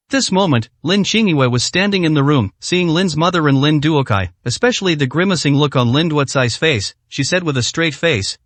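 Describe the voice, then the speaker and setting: A man narrating a translated web novel in a steady reading voice with occasional slips. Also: fairly high pitch, no room sound.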